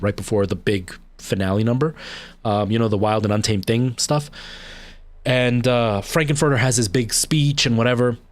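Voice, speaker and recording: A man chatting casually on a livestream while he games, rambling through a long story with many fillers and restarts. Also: on the low side. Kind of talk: casual chat while gaming.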